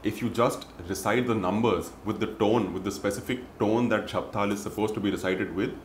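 Low-voiced man teaching rhythm in an echoey room. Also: fairly quick. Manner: recites rhythm syllables and counts in a steady chant. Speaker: music teacher. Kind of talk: spoken music lesson with recitation. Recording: roomy echo, faint noise.

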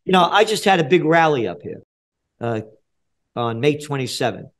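A man in his seventies from the Bronx with a New York accent, a guest in a podcast interview, talking bluntly and profanely, dropping low then getting loud. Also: very animated, normal speed. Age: 70s. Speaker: guest, trend forecaster.

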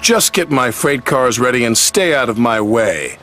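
A man's voice: medium pitch, animated, normal speed, fairly bright tone, slight background noise, lightly acted. A man voicing a proud big red steam engine who talks in a huffy, self-important way. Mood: boastful. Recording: music playing behind.

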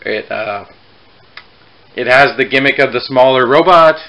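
A man's voice: medium pitch, measured pace, dull audio. Chatty rambling male toy reviewer. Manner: rambling, self-correcting, chatty asides. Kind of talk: casual review vlog.

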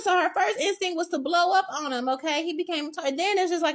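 A woman's voice: very high-pitched, fairly quick. A woman giving a casual tarot reading, blunt and profane, acting out little scenes as she talks. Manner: blunt, profane, animated storytelling with acted-out quotes. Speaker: tarot reader.

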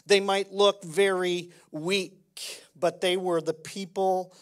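A man preaching a sermon as pastor, conversational and lively, swinging from loud emphasis to quiet intensity. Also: high-pitched, slow.

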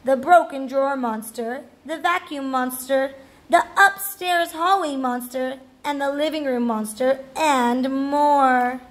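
A woman reading a children's book aloud, with expressive, animated delivery. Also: high-pitched, takes it slowly. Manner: expressive, animated character voices. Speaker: storybook read-aloud narrator.

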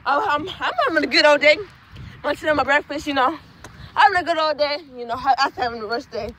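A woman's voice: high-pitched, fast talker, a bit bright, a little hiss or hum. A young woman telling a rambling, profane storytime vlog outdoors at dusk, tagging her phrases with "okay?". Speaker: student vlogger.

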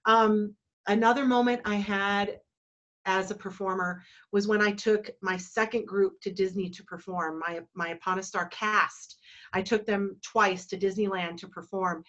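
A woman in her forties from Colorado, telling stories in a heartfelt, halting way and getting teary. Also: medium pitch, a bit bright, highs cut off. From Colorado, USA. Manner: emotional, heartfelt, halting with restarts. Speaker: entertainment company owner. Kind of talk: reflective storytelling in a virtual talk. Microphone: video call.

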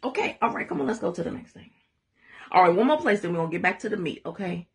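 A woman teaches a live Bible study with lively call-and-response energy. Her voice sits a little low, then leaps high when she gets excited, and she laughs and talks straight to her viewers. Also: quick pace, creaky.

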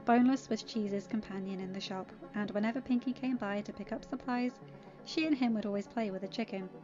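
A woman narrating a fan story aloud in a steady, expressive reading. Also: medium pitch, a little fast, highs cut off, faint music behind. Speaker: reader.

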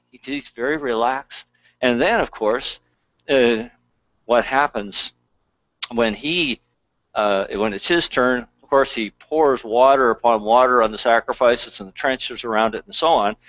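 A man's voice: medium pitch, fairly bright tone, dry recording, rough recording. A man pastor preaching a conversational sermon, reading scripture aloud between plain asides.

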